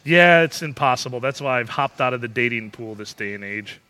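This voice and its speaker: A man's voice: mid-range voice, clear, resonant tone. A man co-hosting a podcast, chatting casually and joking around with frequent laughter. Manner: joking, animated, quick to laugh. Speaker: podcast co-host.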